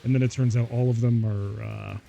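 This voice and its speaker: A man's voice: medium pitch, steady tone, brisk, creaky, warm tone, dull audio, a little hiss or hum. A man streaming live, chatting casually and rambling, often laughing between thoughts and saying "like" and "y'all" a lot.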